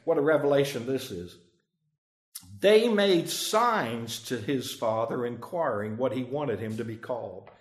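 A man leading a Bible study, emphatic, slowing down to stress key phrases, chuckling often and putting questions to the group. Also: medium pitch, roomy sound. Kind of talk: interactive Bible study teaching.

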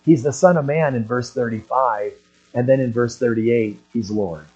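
An older man preaching a sermon, husky-voiced, often clearing his throat and building to emphatic, raised passages. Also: mid-range voice, moderate pace, a little mellow, muffled recording, faint music behind. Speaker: pastor.

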